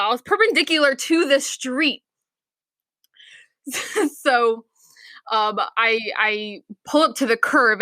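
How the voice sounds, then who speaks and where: A young woman co-hosting a podcast, telling a story in a casual, animated way, acting out quotes and laughing often. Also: a little high, no echo. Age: young adult. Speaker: podcast co-host.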